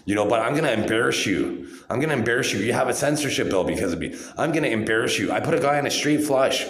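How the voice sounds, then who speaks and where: A man's voice: mid-range voice, lively intonation, fast, a bit bright. A man in his forties delivering an angry, accusatory rant straight to the camera, repeating himself as he goes. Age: 40s. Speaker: vlogger. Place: hospital room. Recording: echoey room.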